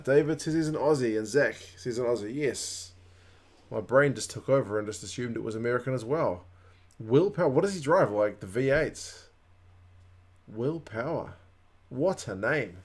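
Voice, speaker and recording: A man, hosting a casual rugby watch-along stream and chatting with viewers. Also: mid-range voice. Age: 30s. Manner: chatty, reacting to live chat comments. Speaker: livestream host.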